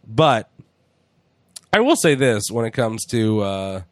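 A man's voice: fairly low pitch, very animated, slow, dry recording. Guy on a podcast riffing on wrestling, swears a lot, dry close sound. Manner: profane, jokey, acts out voices. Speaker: podcast host. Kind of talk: casual wrestling chat.

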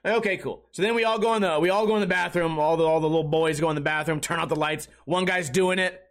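A man with a high, sharp, bright voice hosts a comedy podcast. He rambles through crude, profane stories and keeps breaking off and restarting his sentences. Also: steady tone, quick pace. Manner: crude, profane storytelling with laughter. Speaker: podcast host and streamer. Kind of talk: comedic casual chat.

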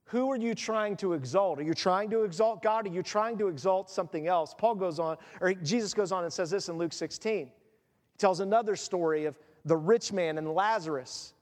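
Guy preaching in a big echoey hall, high voice, jokey and animated, does little voices. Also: moderate pace. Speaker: pastor. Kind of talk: sermon. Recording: long hall reverb.

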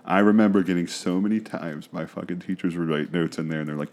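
A man's voice: deep voice, fast, background noise. A man who has a school-age daughter, co-hosting a casual podcast, swearing and laughing a lot. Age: adult, father of a school-age child. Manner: profane, laughing, emotional when talking about his kid. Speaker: podcast co-host. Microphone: studio podcast mic.

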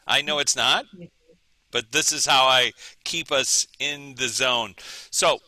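A man's voice: medium pitch, fairly even intonation, takes it slowly, pushed and bright, no room sound. A man hosting a podcast in casual chat, playful and teasing, laughing often. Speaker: podcast host.

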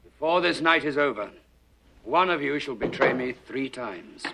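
An actor playing a solemn Jesus figure in a comedy film clip, speaking in grave, measured biblical phrasing. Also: male voice, mid-range voice, expressive, creaky, noisy background.

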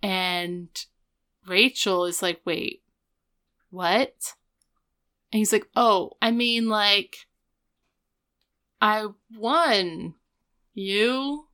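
A woman's voice: mid-range voice, drawn-out words, pauses often, bright, forceful tone, clean tone. A woman co-hosting a casual recap chat, retelling scenes and quoting the characters as she goes. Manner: retells scenes with quoted voices. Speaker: podcast co-host.

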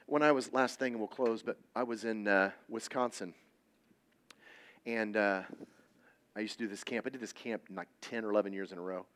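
A man preaching a sermon at youth services, telling personal stories bluntly and with jokes, his volume swinging between loud and hushed. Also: lowish voice, steady tone, moderate pace, long pauses. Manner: blunt, joking storytelling.

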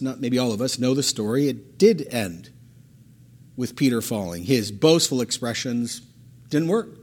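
A pastor preaching a sermon, emphatic and fond of repeating phrases for stress. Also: male voice, mid-range voice, husky.

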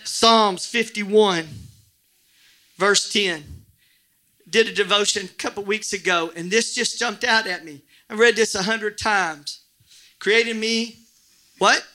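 Lively high-voiced preacher man. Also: slow pace, pauses often. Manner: animated, jokey preaching with bursts of shouting. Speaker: pastor. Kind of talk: sermon. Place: church.

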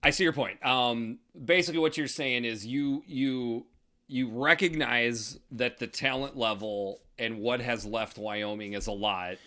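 A man hosting a casual sports podcast with a bright, forceful voice. He walks through game times and betting lines in a chatty way. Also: mid-range voice, unhurried. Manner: chatty, breaks down games with odds. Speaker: podcast host.

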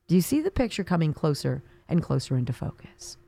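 A woman's voice: deep voice, big pitch swings, a little fast, gravelly, dark tone. A woman hosting a talk radio show, delivering an indignant, sarcastic monologue with mocking asides.

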